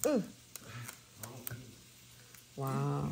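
A woman chats slowly to her camera at home, laughing as she rambles. Her voice sits a touch low and has a gravelly edge. A steady noise runs under the recording. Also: low-quality recording. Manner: chatty, rambling, laughs often. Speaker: vlogger. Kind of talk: casual chat while crafting.

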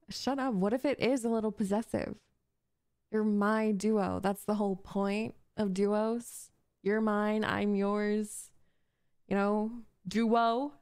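A woman's voice: fairly high pitch, a little mellow, no echo, clean studio sound. A young woman voicing a possessive, jealous gamer girl in an audio role-play, talking in a bossy, defensive, flustered way. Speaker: voice actress.

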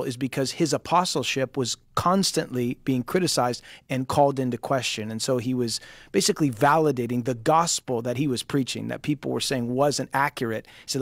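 Gravelly-voiced pastor explaining scripture. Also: male voice, medium pitch, fairly quick, no echo. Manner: steady, explanatory, with frequent fillers and restarts. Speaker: pastor and co-host. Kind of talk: explaining scripture on a call-in show.

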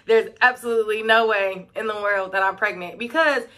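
A young woman who vlogs and teaches middle school tells stories in a casual, chatty way, full of "like" and "um." Her mid-range voice is steady, a little fast and sharp in tone.

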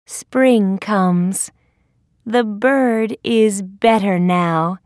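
Very slow, careful woman storyteller. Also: mid-range voice, a little mellow, dry recording, clean studio sound. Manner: careful, clear and deliberate. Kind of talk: slow story reading for English learners.

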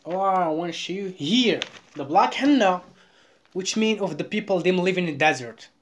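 A Moroccan woman with a Moroccan accent, chatting over a video call in halting English that she repeats as she goes. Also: fairly low pitch, expressive, slight background noise. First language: Moroccan Arabic. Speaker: vlogger. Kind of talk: casual video call chat.

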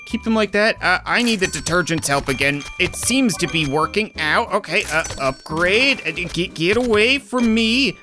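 A man's voice: sits high, lively intonation, moderate pace, few pauses, over music. A man giving casual, joking gameplay commentary, rambling and self-deprecating as he plays. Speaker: gaming YouTuber.

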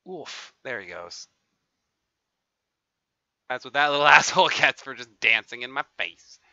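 Streamer, male, gravelly and sharply bright, excitable and swearing, dull lo-fi stream audio. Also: mid-range voice, a little slow, no room sound. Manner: excitable, swears, taunts other players. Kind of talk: live gameplay commentary.

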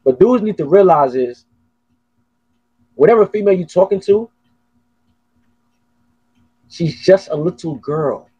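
A man hosting a podcast, telling stories in an animated, profane, casual way. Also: high-pitched, unhurried, long pauses, breathy edge, dry recording, muffled recording. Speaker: podcast host. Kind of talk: casual chat.

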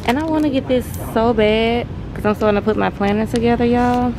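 A woman's voice: a little high, fairly even intonation, fairly quick, background noise. Chatty woman vlogging. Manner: chatty, drawling Southern slang, frustrated sighs. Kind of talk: casual vlog chat. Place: home and craft store.

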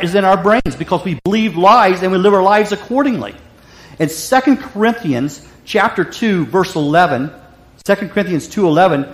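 A male pastor delivers a sermon, pressing points through repetition and restarts. His voice sits high for a man. The recording carries a roomy echo. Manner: emphatic, repeats phrases, frequent restarts.

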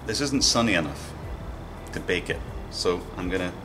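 A man's voice: low-pitched, expressive, brisk, distant mic. Chatty man thinking aloud in a workshop. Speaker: maker vlogger. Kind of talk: casual workshop narration. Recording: roomy sound with music behind.

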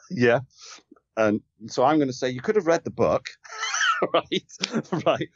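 A man's voice: mid-range voice, expressive, a little slow, muffled recording, noisy background. A man who is a sales trainer and podcast guest, talking in an emphatic, coaching way and often firing off rhetorical questions. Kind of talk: conversational coaching.

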